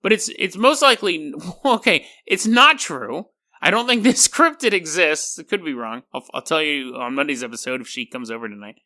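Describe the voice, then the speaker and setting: A man in his thirties hosting a podcast, telling stories in an animated, rambling way and laughing often. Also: a little high, normal speed. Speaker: podcast host. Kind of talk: casual podcast monologue.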